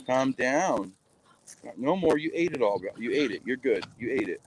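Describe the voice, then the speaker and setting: A man's voice: medium pitch, big pitch swings, quick pace, darkish tone, a little hiss or hum, low-quality recording. A man chatting casually to his viewers in a rambling, hesitant way, full of fillers. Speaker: cryptid vlogger.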